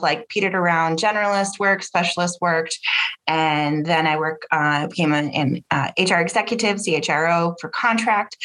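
A woman guest on a podcast interview, upbeat and quick, chatting casually about her work and often laughing. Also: fairly low pitch, fairly bright tone.

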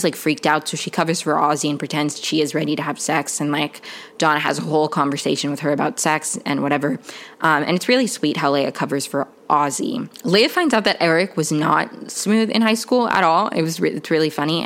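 A woman's voice: low-pitched, fairly bright tone. A young woman casually recapping a TV show, chatty and full of filler words and restarts. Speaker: TV recap vlogger.

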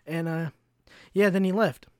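Young male podcast host, fairly high voice, dry close mic, swears freely and vents about work. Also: steady tone, a little slow, darkish tone, smooth, no room sound. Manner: profane, exasperated ranting with acted-out quotes. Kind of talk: casual storytelling monologue. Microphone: podcast mic, no camera.

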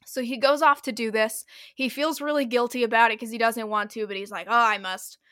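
Bright-voiced woman chatting animatedly. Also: on the high side, no room sound, clean studio sound. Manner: animated retelling, lots of "like", quick asides. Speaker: podcast co-host. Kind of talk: casual chat.

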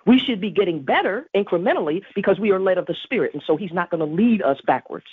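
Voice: medium pitch, animated, fast, slightly rough, no room sound. A podcast host giving an emphatic devotional teaching on prayer, repeating key phrases. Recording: tinny phone-like dry recording.

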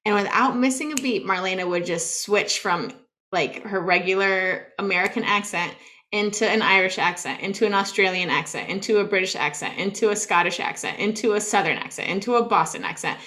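Young woman podcast co-host, casual storyteller, lively and giggly. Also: medium pitch, fairly quick. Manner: animated storyteller, laughs often. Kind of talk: casual chat.

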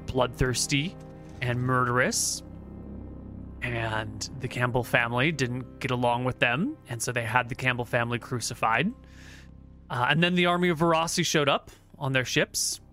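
A man voicing a weary new lord of a besieged outpost who talks haltingly and pleads for help, played over an online voice call. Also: mid-range voice, bright, forceful tone. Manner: halting, pleading, full of fillers.

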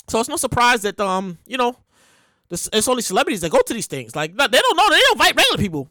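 A podcast host rants in a comedic monologue, his voice swinging wildly up and down. He talks in a high, sharp register, repeats himself for effect and swears freely. The recording is close and dry. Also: a little fast, no echo. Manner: animated, repetitive, profane. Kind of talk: ranting comedic commentary. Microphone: podcast mic.

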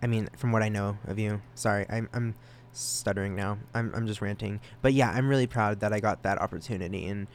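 A young man hosting a solo podcast, talking casually, excited and self-conscious, stammering through restarts and rambling. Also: on the low side, brisk, a little hiss or hum. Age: young adult. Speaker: podcast host.

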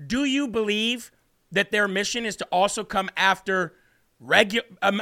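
Man, talk show host, emphatic, tense edge, high voice. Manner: forceful, emphatic. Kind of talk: political talk show interview.

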